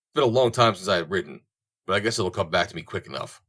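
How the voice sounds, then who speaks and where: A man's voice: sits low, animated, fast, fairly bright tone. A man voicing a pompous, flustered city dandy in a western audiobook, indignant and sputtering. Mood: confident.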